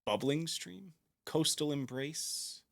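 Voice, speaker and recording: Unhurried man musing over a stream. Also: a little high, vocal fry. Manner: musing aloud, reading chat, humming, laughing. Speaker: streamer and piano teacher. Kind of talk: casual live-stream chat. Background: soft background music.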